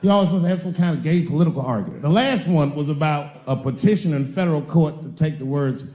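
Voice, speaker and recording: A man in his forties doing stand-up comedy on a stage, animated, shouting punchlines and acting out voices. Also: fairly high pitch, fast talker, reverberant. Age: 40s. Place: comedy stage before a live audience.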